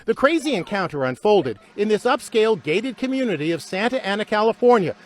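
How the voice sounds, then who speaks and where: A man with a higher, animated voice delivers a TV news report. He narrates in measured sentences and puts short questions to the people he interviews.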